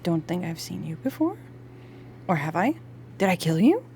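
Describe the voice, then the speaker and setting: Woman streamer, casual and animated, narrating her game play. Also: fairly low pitch, normal speed, slight background noise. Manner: animated, chatty, swears and laughs often. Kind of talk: live game stream chat.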